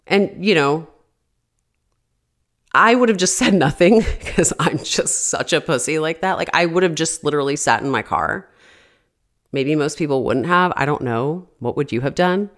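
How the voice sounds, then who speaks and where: A woman in her thirties hosts a podcast, casually telling a story in a low, expressive voice with a slightly bright edge. She talks at a moderate pace, chatty and loose, constantly dropping "like" and swearing often.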